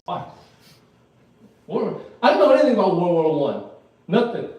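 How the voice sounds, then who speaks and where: A man's voice: sits high, very animated, moderate pace, darkish tone. A man doing live stand-up comedy, rambling and laughing at his own jokes, in front of an audience. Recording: echoey room, mic far off.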